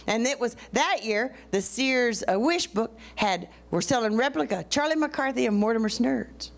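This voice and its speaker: A woman's voice: a little high, animated, gravelly. A woman doing a stand-up routine, chatty and full of fillers, dragging out her words. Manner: chatty, drawn-out delivery with fillers. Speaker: stand-up comedian.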